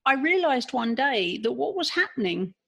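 An English-accented woman speaks with a gravelly, slightly husky voice. She tells her story as a podcast guest in a frank, earnest way, circling back and restarting as she thinks aloud. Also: sits high, big pitch swings, normal speed, fairly bright tone. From England. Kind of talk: personal storytelling in an interview.

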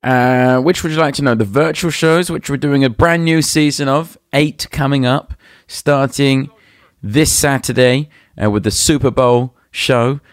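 A man guesting on a casual podcast, telling a long story in a rambling, hesitant way, full of pauses and restarts. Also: mid-range voice, no room sound, studio quality. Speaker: guest magician.

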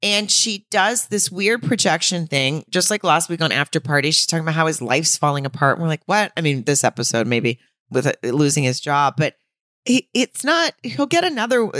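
Brief: woman podcast co-host, blunt and ranting, slightly low pitch. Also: animated, brisk, a bit bright, dry recording, clean studio sound. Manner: blunt, exasperated, swears freely. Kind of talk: casual chat.

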